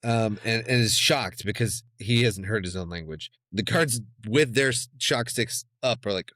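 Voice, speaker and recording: A man co-hosting a book club podcast, retelling scenes of a novel in a lively, conversational way. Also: mid-range voice, normal speed, hardly any pauses, no room sound, clean studio sound. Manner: animated retelling, acting out scenes. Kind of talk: casual book discussion.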